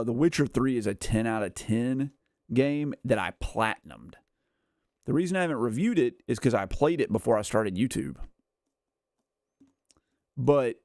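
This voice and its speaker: A man's voice: mid-range voice, darkish tone, no echo, clean studio sound. A man in his thirties chatting casually on a game livestream, rambling with lots of "like" and "uh" and frequent chuckles. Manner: rambling, filler-heavy, says "like" and "uh" a lot; chuckles often while talking. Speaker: gaming streamer.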